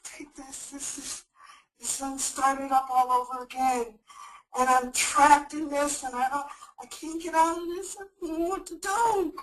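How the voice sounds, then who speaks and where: A high-voiced, tearful woman trapped by an abusive partner stumbles over her words, as a woman plays her in a training role-play. A faint hiss runs under the voice. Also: animated, vocal fry, a bit bright, full character voice, poor audio. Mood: panicked. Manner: halting, repeating herself.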